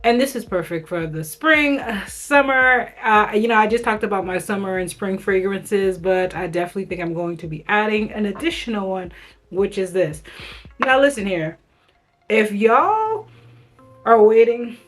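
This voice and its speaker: Excited woman talking to her followers, chatty and upbeat, soft music under her voice. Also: medium pitch. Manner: chatty, enthusiastic, addresses viewers as y'all. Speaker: beauty vlogger. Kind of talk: casual product review.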